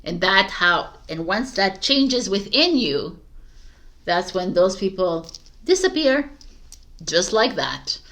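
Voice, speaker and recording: A woman's voice: mid-range voice, big pitch swings, takes it slowly, a bit bright. A woman giving a casual spoken tarot reading, chatty and encouraging, with frequent fillers and restarts. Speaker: tarot reader.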